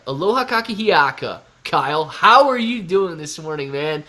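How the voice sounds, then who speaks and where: A man's voice: fairly high pitch, animated, moderate pace, hardly any pauses, sharp tone. Upbeat bro-ish young man streaming. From Ohio, USA. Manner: upbeat, loose and bro-ish, reads chat aloud. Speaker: livestream host answering chat. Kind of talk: casual live stream chat.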